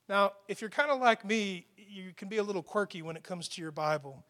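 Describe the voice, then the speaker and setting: A man preaching a sermon as a pastor, speaking with emphasis and dropping to a hushed voice when he reads quoted lines. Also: sits high, fairly quick, few pauses. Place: church with a loud PA system.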